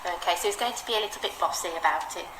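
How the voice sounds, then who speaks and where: A woman with an English accent teaching a child to read aloud, modelling phrases with big, expressive changes of voice and lots of encouragement. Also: on the low side, rapid-fire. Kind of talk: one-to-one reading lesson with a child. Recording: echoey room with background noise.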